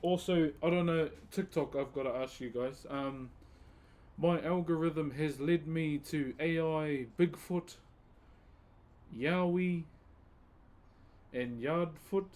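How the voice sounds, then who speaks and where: A man's voice: a little high, slow pace, pauses often, darkish tone. A laid-back man from New Zealand with a New Zealand accent, chatting casually with his live-stream viewers while he carves wood and calling them bro.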